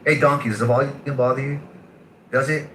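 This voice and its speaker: A man trash-talking loudly and aggressively in a heated voice chat argument. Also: mid-range voice, fairly even intonation, a little fast, echoey room, a little hiss or hum.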